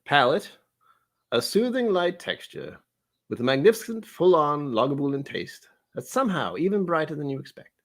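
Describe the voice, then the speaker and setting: Man playing a pompous butler type, plummy and theatrical, lively pitch. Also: full character voice. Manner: plummy, measured, theatrical reading.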